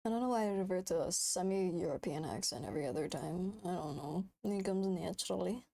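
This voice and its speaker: A woman's voice: fairly low pitch, a little fast, vocal fry, mellow. A woman streaming live, chatting casually and playfully, laughing often and swearing freely. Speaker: VTuber streamer.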